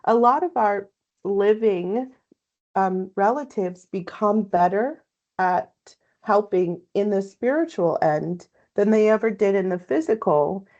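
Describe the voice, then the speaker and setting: A woman co-hosting a podcast, talking gently and reflectively in casual spiritual chat. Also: medium pitch, takes it slowly, muffled recording. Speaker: podcast co-host.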